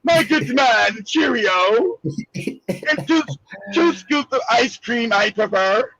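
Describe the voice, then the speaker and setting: A man putting on a pompous posh gentleman. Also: very high voice, no echo, exaggerated voice, low-quality recording. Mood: prim. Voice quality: slow, drawn-out posh English. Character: pompous upper-crust gentleman, refined and haughty.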